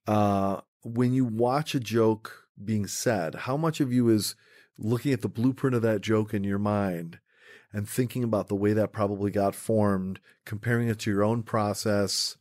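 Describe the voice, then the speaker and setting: A man's voice: lowish voice, steady tone, darkish tone. A man hosting a podcast, asking his guest questions in casual chat. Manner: asks questions, quick reactions. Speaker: podcast host.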